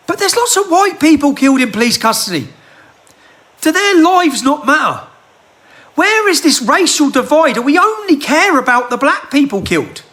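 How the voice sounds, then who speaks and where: Man, ranting, very high voice, lively swings in pitch, phone mic. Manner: heated, ranting, rhetorical questions. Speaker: political commentator. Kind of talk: impassioned monologue to camera. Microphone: handheld phone.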